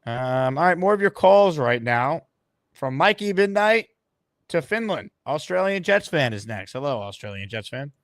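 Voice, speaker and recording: A man's voice: a little high, big pitch swings, normal speed, no room sound, studio quality. A man hosting a sports call-in show, taking calls with upbeat, dryly joking patter. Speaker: host.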